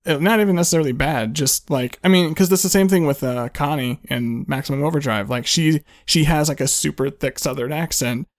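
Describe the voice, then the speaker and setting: A man chatting casually about films, animated, laughing often and slipping into put-on voices when quoting. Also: on the high side, brisk, few pauses, no room sound, clean studio sound.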